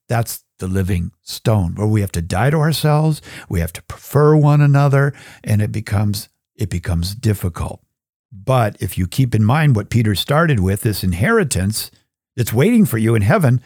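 Guy teaching the bible on his show, super animated pitch, dry close mic. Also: moderate pace, no echo. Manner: animated storytelling, acts out voices. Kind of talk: scripture teaching talk.

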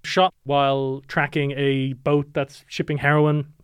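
A man's voice: medium pitch, level tone, a little slow, clear, resonant tone, no room sound, clean studio sound. A man co-hosting a podcast, chatting about comedy films and recounting favourite scenes, laughing often. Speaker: podcast co-host. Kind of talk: casual film discussion.

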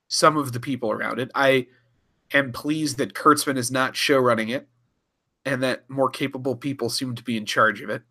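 A man's voice: medium pitch, pushed and bright. A man co-hosting a casual podcast chat, rambling and swearing freely, often laughing. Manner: rambling, profane, chuckling. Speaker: podcast co-host.

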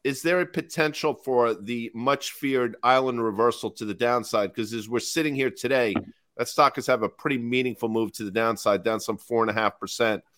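A man's voice: mid-range voice, moderate pace, fairly bright tone. A man co-hosting a market panel show, making joking asides and then posing questions to the others. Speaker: co-host moderating.

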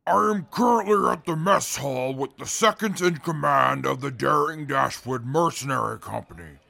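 A man voicing a pompous male mutant field reporter who calls himself a genius, speaking stiffly and formally in a gravelly, raspy voice. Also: medium pitch, lively intonation, normal speed, pushed and bright, full character voice. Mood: haughty. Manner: stiff formal speech, barked questions. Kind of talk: audio drama acting.

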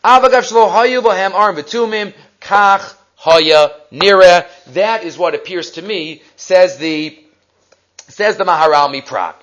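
A man's voice: sits high, a little slow, fairly bright tone, low-quality recording. A man giving a Torah class, reading Hebrew sources aloud and explaining them in English, asking and answering his own questions. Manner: mixes Hebrew and Aramaic quotes into English. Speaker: Torah teacher.

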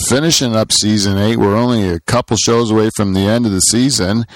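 A man's voice: medium pitch, no echo. A man hosting a comedy podcast, rambling and joking with lots of fillers. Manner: joking, rambling, with many fillers and mock-announcer intros. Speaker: podcast host. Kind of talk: casual comedy banter. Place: pool shed.

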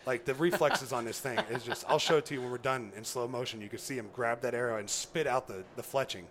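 Fast-talking man telling an excited story. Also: mid-range voice. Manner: excited, laughing, acts out quoted voices. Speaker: guest, former pro football player. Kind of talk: animated storytelling.

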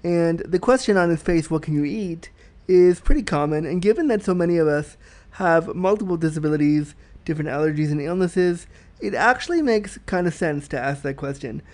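A man's voice: on the high side, fairly quick, darkish tone. A man hosting a solo podcast, talking frankly and reflectively as he explains his thoughts at length. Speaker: podcast host.

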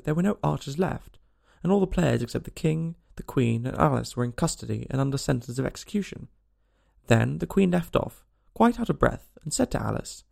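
A man reads a storybook aloud with a strong gravelly rasp in his voice. His pitch moves widely and expressively through the narration, animated and full of life. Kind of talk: storybook reading.

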